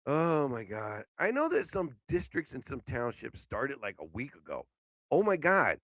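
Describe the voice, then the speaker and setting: A man hosting a casual live stream show, sleepy and yawning, rambling with loud outbursts and swearing. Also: medium pitch, huge pitch swings, unhurried, no echo.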